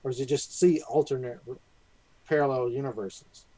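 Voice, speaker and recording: A man's voice: medium pitch, steady tone, normal speed, a loud crowd, low-quality recording. A young man co-hosting a casual podcast chat, thinking aloud and restarting often as he explains the plot. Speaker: podcast co-host.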